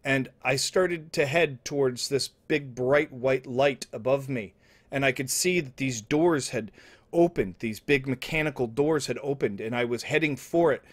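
Deadpan rambling man telling a tall tale. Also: measured pace. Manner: rambling, with restarts and asides, swinging from low mumbles to loud outbursts. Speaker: storyteller. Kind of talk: deadpan absurd comedy storytelling. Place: indoor home setup, streaming.

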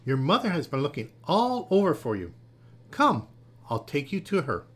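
Man putting on a high, bustling little bird. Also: sing-song, moderate pace, fairly bright tone. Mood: eager. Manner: eager, exclaiming. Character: bustling red and blue bird.

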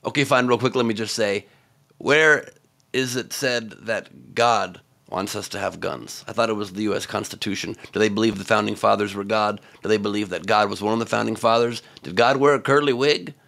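A man hosting scripted comedic political commentary, sarcastic and mocking, with sudden loud outbursts. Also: lowish voice, fairly quick, gravelly.

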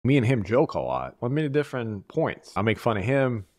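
A man from Eastern Europe talking as a podcast guest in casual, reflective conversation, measured and restarting his phrases as he thinks. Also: medium pitch, sing-song, a little mellow, no room sound, studio quality.

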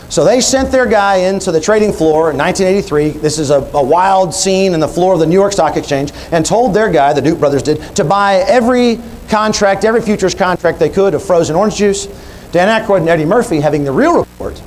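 A man's voice: fairly high pitch, a little mellow, slight background noise, rough recording. A man speaking at an industry conference, telling a story and walking through numbers in an explanatory way. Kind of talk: keynote speech. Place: conference hall.

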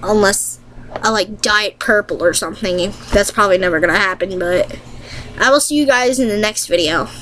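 A woman vlogger chatting casually to viewers while playing a game, reading questions aloud quickly, answering them and laughing often. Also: mid-range voice, fairly bright tone, slight background noise, poor audio.

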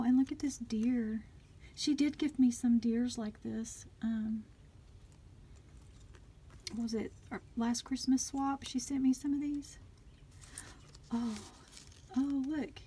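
A woman narrates an unboxing of handmade craft gifts. Her voice sits high and mellow, her pace is slow and unhurried, and her chat is gushing and softly murmured. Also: husky. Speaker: craft vlogger. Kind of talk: unboxing commentary, chatty. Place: home craft room.

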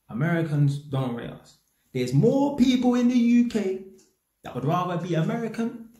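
In a roomy-sounding recording, a man with a London accent from England delivers a slang-heavy, blunt opinion rant directly to his audience, cursing freely. The YouTube commentator's voice is a little high with a darkish tone.

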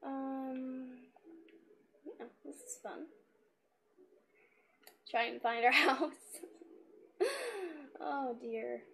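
A woman giving casual, hesitant let's-play commentary in a quiet voice, with lots of ums. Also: sits high, steady tone, drawn-out words, gravelly, pauses often. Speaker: gamer.

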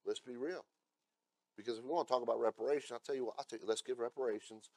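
A male pastor delivering a sermon, moving between loud scripture readings and blunt asides to the congregation. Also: medium pitch, quick pace, no echo, clean studio sound. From America. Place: church.

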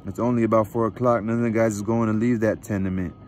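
Restless lonely young ranch wife, quick and talkative, a man reading her, faint hum behind. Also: fairly low pitch, fairly even intonation, a little mellow, lightly acted. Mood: pleading. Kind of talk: book read aloud.

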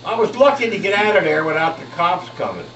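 A man's voice: high voice, big pitch swings, quick pace. An older man telling rambling, profane, chuckling anecdotes to friends in casual storytelling. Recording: echoey, distant, dull, with loud crowd chatter.

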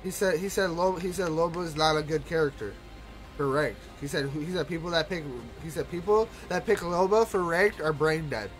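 A young man chatting casually while gaming, excitable, swearing a lot and laughing often. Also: on the high side, moderate pace, faint music behind. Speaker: gamer streamer.

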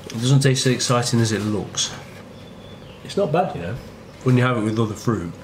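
A man's voice: mid-range voice, animated, fairly quick. A man, chatting casually and wryly as a travel vlogger at a tropical resort. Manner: wry, chatty food-tasting asides. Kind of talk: casual vlog commentary. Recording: background ambience noise.

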